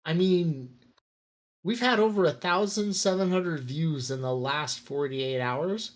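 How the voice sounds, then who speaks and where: A woman co-hosting a casual podcast chat, teasing and cutting in with deadpan jokes. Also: low voice, measured pace. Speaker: podcast co-host.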